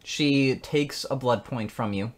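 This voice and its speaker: Slow-talking man running a tabletop game. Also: medium pitch. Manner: unhurried, laughs often. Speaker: game master.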